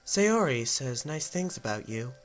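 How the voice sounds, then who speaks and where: A man voicing a formal, reserved teenage girl in a visual novel with a plain, soft, formal delivery. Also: mid-range voice, sing-song, measured pace. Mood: polite.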